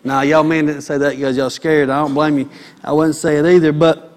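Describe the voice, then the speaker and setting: A man preaching a sermon as pastor, building up to loud, fiery exhortation. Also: fairly high pitch, level tone, fairly quick.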